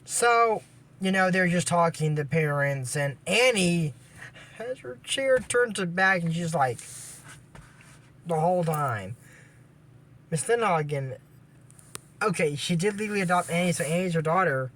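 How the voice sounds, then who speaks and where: A man's voice: a little high, expressive, a little slow, pauses often, a bit bright, a little hiss or hum. A man casually recapping a cartoon episode, rambling with lots of fillers and restarts and dropping sarcastic asides. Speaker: anime episode reviewer.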